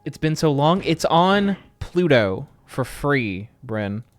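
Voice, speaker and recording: A man's voice: a little high, big pitch swings, slow pace, no echo, faint music behind. A man streaming a game, keeping up a dry running commentary and talking back to the game. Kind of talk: casual live-stream gameplay chat.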